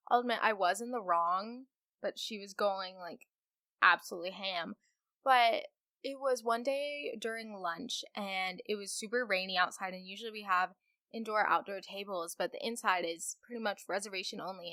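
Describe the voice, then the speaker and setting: A young woman hosting a podcast, telling work stories in a casual, animated way with lots of fillers and acted-out quotes. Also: mid-range voice, no room sound, clean studio sound. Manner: chatty, animated retelling with fillers and voiced quotes. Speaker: podcast host. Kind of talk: casual storytelling.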